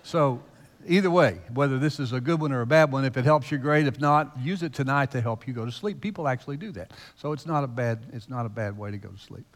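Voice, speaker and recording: A male pastor giving a conversational, teasing sermon in a church, his voice swinging between loud emphasis and hushed asides. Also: medium pitch, fast. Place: church sanctuary. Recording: long reverb of a large hall.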